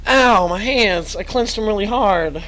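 A man's voice: high voice, moderate pace, bright, forceful tone, rough recording. A young man chatting and swearing while streaming a horror game, his voice worn and his nose stuffy. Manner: chatty, yelps and swears at scares. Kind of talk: live gaming commentary.

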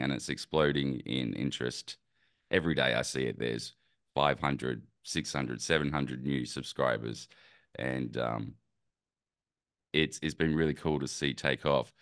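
A man's voice: extremely low pitch, measured pace, gravelly, no echo, clean studio sound. A man hosting a podcast, chatting casually and thoughtfully with a guest. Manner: relaxed, thoughtful, rambling with fillers. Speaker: podcast host interviewing a guest. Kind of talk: casual conversation.

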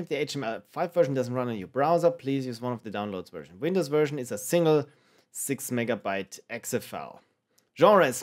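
A man hosting a let's play, joking playfully and thinking aloud as he tries out a game. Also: a little high. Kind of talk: game commentary.

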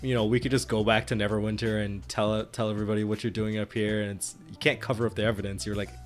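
A man's voice: fairly low pitch, level tone, fast talker. Guy on a gaming podcast, laughs a ton, rambles, faint music behind. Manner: laughs often, rambling with many fillers. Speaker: podcast co-host and player. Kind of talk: casual chat recapping a tabletop game.

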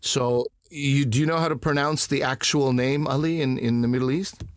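Lively, self-mocking storytelling man. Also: medium pitch, moderate pace, no echo, studio quality. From Canada. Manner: animated, self-mocking, acts out other voices. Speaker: comedian guest. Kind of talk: casual storytelling interview.

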